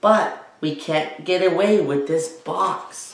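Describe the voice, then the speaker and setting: A man's voice: a little high, slow, creaky. A man voicing a stubborn little boy who pleads and bargains to keep his toys. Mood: pleading, scheming. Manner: whiny, pleading, scheming. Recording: roomy echo.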